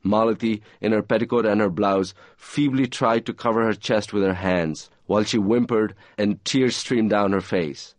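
Low-voiced man reading fiction aloud. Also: normal speed, few pauses, dry recording. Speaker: author reading his novel.

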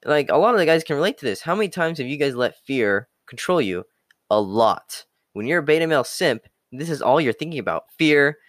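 A man's voice: on the high side, big pitch swings, brisk, fairly bright tone, no echo. Young guy ranting on his podcast, swears nonstop, blunt and mocking, dead dry close mic. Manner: blunt, swearing constantly, mocking others in whiny voices. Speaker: podcast host. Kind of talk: profane motivational monologue.

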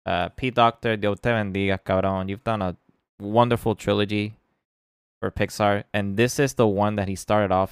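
A man's voice: lowish voice, fairly even intonation, moderate pace, clean tone, no room sound, clean studio sound. A man co-hosting a casual podcast, rambling and dropping Spanish words into his English. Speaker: podcast co-host. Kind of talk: casual chat.

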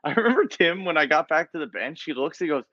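A man's voice: fairly high pitch, very animated, quick pace, pushed and bright, dry recording, highs cut off. A young man, a hockey player guest, telling a hockey story in a casual chat, laughing often and swearing as he goes. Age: young adult.

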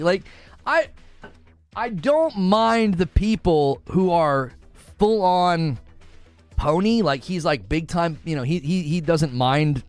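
Animated male livestream host. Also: no room sound. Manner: animated, exaggerated high-pitched voice when mocking or acting out others. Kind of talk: casual live-stream chat.

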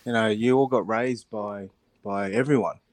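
A middle-aged man, a rugby pundit on a weekly radio spot, telling stories in an animated way, laughing often and restarting his sentences. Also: fairly low pitch, moderate pace, dry recording. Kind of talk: casual radio chat.

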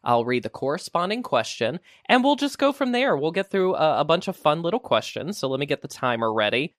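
A man's voice: fairly high pitch, a little fast, dry recording, studio quality. A man hosting a casual podcast chat, reading out questions and joking around with his guest. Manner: animated, jokey question-asker. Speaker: podcast host.

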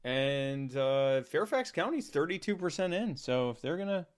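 A man co-hosting a casual political commentary show, sarcastic and wry, tossing in quick asides and updates. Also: fairly high pitch, animated, clean tone. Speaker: co-host.

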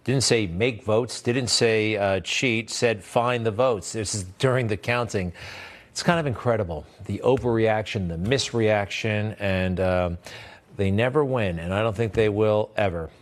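A man's voice: fairly low pitch, unhurried. A man hosting a commentary show, delivering a sarcastic, rambling opinion monologue between clips.

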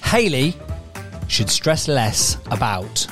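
A man's voice: mid-range voice, sing-song, slow pace, music in the background. A man co-hosting and quizzing in casual chat, joking and mock-indignant. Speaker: co-host, quizmaster. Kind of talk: casual chat, quiz game.

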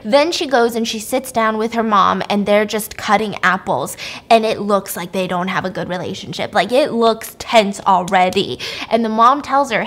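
Young woman podcaster, kinda high voice, rambly and sweary, lots of "like". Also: a bit bright. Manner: chatty, filler-heavy, swears a lot. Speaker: podcast host. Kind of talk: casual movie recap.

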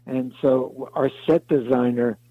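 A man's voice: mid-range voice, fairly even intonation, measured pace, breathy edge, no echo, phone-quality sound. A man being interviewed as a songwriter, telling long rambling anecdotes and acting out the other people in them. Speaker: songwriter guest. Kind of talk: interview storytelling.

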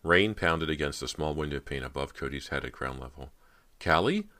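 Very deep-voiced male audiobook narrator. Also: fairly even intonation, a little fast, bright, forceful tone.

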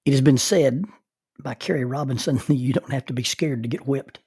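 A middle-aged male minister telling a personal story, halting and repeating words as he starts sentences. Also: mid-range voice, a little mellow, husky, dry recording, studio quality.

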